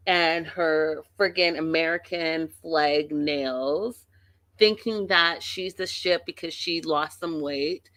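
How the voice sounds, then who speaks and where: A woman's voice: sits low, pushed and bright, no echo. A woman hosting a casual reality TV recap, talking bluntly and emphatically with plenty of profanity. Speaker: show host.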